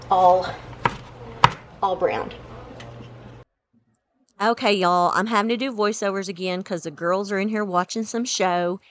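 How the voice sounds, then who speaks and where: A woman's voice: medium pitch, a little hiss or hum. A woman chatting casually as she cooks supper in her home kitchen. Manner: chatty, relaxed, says y'all often. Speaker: home cooking vlogger. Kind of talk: casual cooking chat.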